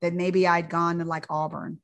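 Low-voiced woman telling a personal story. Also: little pitch movement, normal speed. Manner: conversational, repeats words, fillers.

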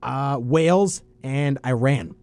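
A man's voice: medium pitch, clear, resonant tone, dry recording. A young man co-hosting a sports podcast, chatting casually through his game picks and laughing often. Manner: animated, laughs often, quick back-and-forth banter.

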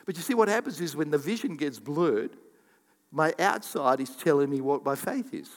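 A man preaching a sermon as a pastor, animated and repetitive, acting out the voices he quotes. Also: on the high side, normal speed, long reverb tail. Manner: animated, acts out quoted voices, repeats for emphasis. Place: church hall.

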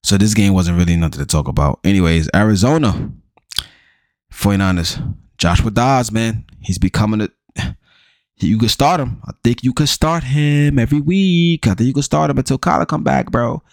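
A man's voice: on the low side, moderate pace, dry recording, clean studio sound. A man hosting his own show, rambling through a casual recap, talking slangy and profane and calling his listeners bro. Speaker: fantasy football show host.

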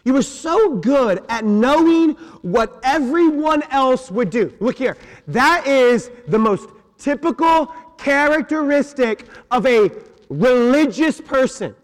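A man's voice: extremely high pitch, expressive, slow. A man preaching a sermon as senior pastor, emphatic, repeating key words and asking his congregation questions. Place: church sanctuary. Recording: long church reverb.

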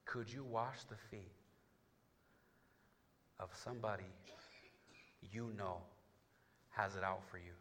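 A man preaching to his church, dropping low and quiet, then surging loud and high, with quick stammered restarts. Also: a little hiss or hum. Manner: restarts words in bursts. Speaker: pastor. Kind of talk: sermon. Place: church before a congregation.

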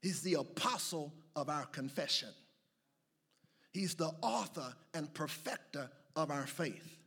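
A male preacher with a high-set voice and a gravelly, fry-edged texture. He preaches in rhythmic waves and rises into chanted, near-shouted calls to the congregation. Between the calls he drops into loose, joking asides. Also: expressive, measured pace. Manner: building to shouted, chanted call-and-response preaching. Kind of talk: sermon.

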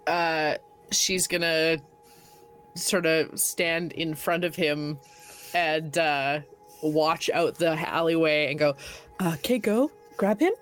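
Low, slow-talking woman player. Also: level tone, a bit bright, clear, resonant tone, soft background music. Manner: unhurried, tentative. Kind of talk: playing a tabletop game.

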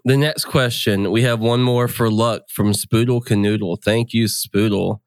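A man's voice: on the low side, steady tone, unhurried, clean tone, no room sound. A man hosting a casual podcast chat, reading listener questions and laughing often. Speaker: podcast host and game master.

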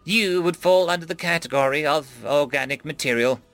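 Mantu, a formal machine mind that speaks in flat, exact sentences, as a man reads him in a raised, bright, forceful voice. The sound is close and dry, with soft music underneath. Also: on the high side, normal speed, creaky, dry recording, voice pushed up. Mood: measured. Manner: flat, precise, formal phrasing. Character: formal male AI ship core, precise and calm.

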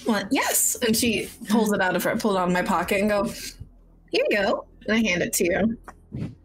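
A woman playing a tabletop role-playing game, mixing narration with her character's speech in a slow, playful way. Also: soft background music. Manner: playful, slow and deliberate delivery with lively pitch jumps. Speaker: tabletop player.

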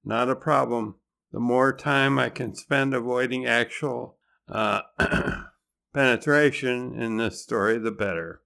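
A man's voice: mid-range voice, fairly even intonation, measured pace, vocal fry, sharp tone. A man hosting a podcast, narrating in a conversational way with dry, wry humor. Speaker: podcast host.

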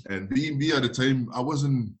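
A lively man with as his spins football stories in a casual interview. He laughs often, slips into voices for the people he quotes, and his pitch sits in an ordinary middle range. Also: normal speed. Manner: animated, laughing often, acting out others' voices. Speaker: former footballer guest.

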